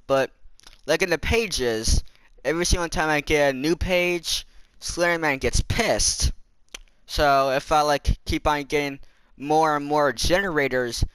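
A man's voice: fairly high pitch, a bit bright, clear, resonant tone, no echo. A young man giving rambling horror game commentary, swearing and jumpy, with lots of filler words. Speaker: gamer.

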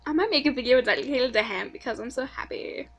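A young woman casually vlogging to her channel, gushing and excitable like an overjoyed fan. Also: fairly high pitch, fast. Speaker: YouTuber. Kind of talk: casual vlog chat.

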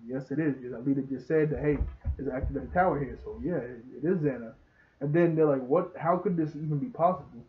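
He's a young man who talks fast in a mid-range voice, reviewing a show through a loose, rambling episode recap. Frequent laughter and acted-out character lines fill the clip, which sounds tinny, like a phone.

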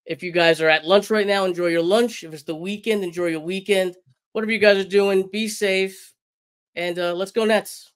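Hoarse male podcast host. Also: high voice, steady tone, moderate pace, fairly bright tone. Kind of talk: casual podcast chat.

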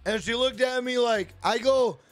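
A man's voice: very high-pitched, moderate pace, dry recording. A man hosting a casual livestream, telling rambling profane stories and greeting chat members by name. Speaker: livestream host.

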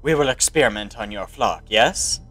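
A man voicing a strange pair of fungus scientists in a video game, reading in a halting, questioning way. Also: on the low side, expressive, fairly bright tone, soft background music, pitched below the performer's own voice. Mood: eerie.

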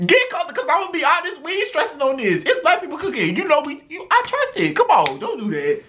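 Excitable North Carolina vlogger, very lively pitch. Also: fast talker, a little hiss or hum. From North Carolina, USA. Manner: loud, exclaiming, breaks into singing and shouts. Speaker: vlogger reacting to cooking videos. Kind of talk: excitable reaction commentary.

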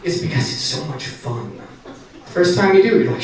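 A man performing a standup comedy set on a brewery stage, animated and jumping to high shouted voices for the punchlines. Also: normal speed. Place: brewery stage, live audience. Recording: echoey room recording from a distance, noisy.

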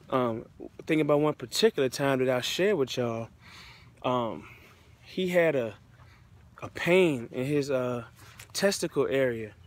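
Man telling a heartfelt personal testimony. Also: a little high. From United States. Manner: casual, heartfelt, loose slang-filled retelling. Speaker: motivational speaker.

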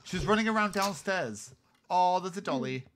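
A young man streams a co-op horror game, his voice leaping around in pitch. He swears freely and yells at sudden frights. There is a faint hiss behind him. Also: expressive, moderate pace. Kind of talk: excited co-op game chat.

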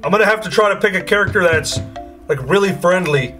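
A young man hosting gameplay commentary with excitable, crude, jokey banter. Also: high voice, fast talker, soft background music. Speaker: gaming video host.

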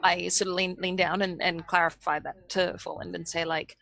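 Casting: tabletop player, bright, crisp tone, hesitant. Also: female voice, lowish voice, level tone, normal speed, hardly any pauses. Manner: hesitant, thinking aloud. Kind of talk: casual tabletop play.

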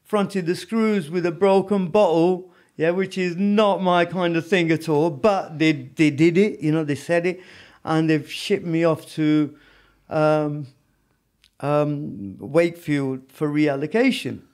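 A man telling prison stories as a podcast guest, animated and often adding "you know what I mean". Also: a little high, takes it slowly. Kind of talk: storytelling in a casual interview.

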